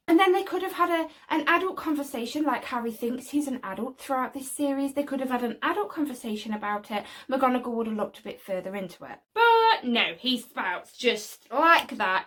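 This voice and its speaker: A chatty young Englishwoman with a slightly high voice hosts her own opinion vlog. She talks straight to camera, opinionated and a little scolding, and keeps it loose and conversational. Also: animated, a little fast, hardly any pauses, fairly bright tone. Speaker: video host.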